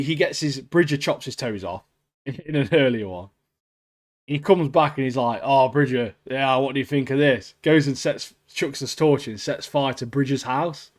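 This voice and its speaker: A man's voice: fairly high pitch, darkish tone. A man, co-hosting a podcast in casual chat, laughing often and calling people mate. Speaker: podcast co-host.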